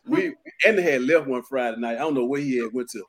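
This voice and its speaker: A man's voice: mid-range voice, fast talker, a little hiss or hum. A man, a barber, telling a shop story in a casual group chat, laughing and acting out the voices of the people in it. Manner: animated, laughing, acts out voices.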